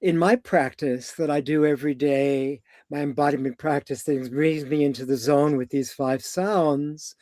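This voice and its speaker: A man's voice: fairly high pitch, fairly even intonation, a little mellow, no room sound. Man speaking in poetic incantations. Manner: poetic, incantatory, drawn-out phrasing. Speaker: guest on a live video talk. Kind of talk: casual spiritual conversation.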